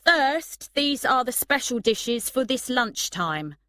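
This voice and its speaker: A woman's voice: high voice, big pitch swings, takes it slowly, sharp tone, dry recording, studio quality, pitched above the performer's own voice, exaggerated voice. A woman voicing a tired male restaurant manager in a storybook reading. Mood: announcing.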